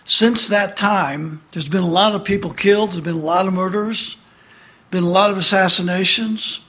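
A man in his seventies from the American Midwest gives an address and tells a childhood memory, sometimes emphatic and sometimes hushed. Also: sits high, moderate pace. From Midwestern United States. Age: 70s. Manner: animated storyteller, alternately emphatic and hushed. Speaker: speaker giving an address. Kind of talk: personal recollection in a prepared address.

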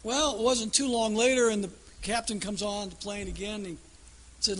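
Husky, high-voiced preacher. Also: male voice, fairly even intonation, normal speed, a bit bright. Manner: folksy storytelling that builds to emphatic declarations. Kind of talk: sermon.

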